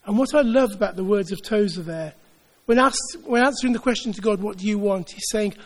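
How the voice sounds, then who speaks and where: A man delivering a sermon in an earnest, building rhythm, stacking repeated phrases. His voice sits high for a man. It rings out with a long reverb through a church hall. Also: fairly quick. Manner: earnest, repetitive rhetorical build-ups. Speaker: preacher.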